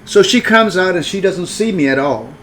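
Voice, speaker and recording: Folksy male storyteller, fairly high voice, rambling and candid, faint background hum. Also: animated, normal speed, fairly bright tone. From rural upbringing. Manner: rambling, frank, with many restarts.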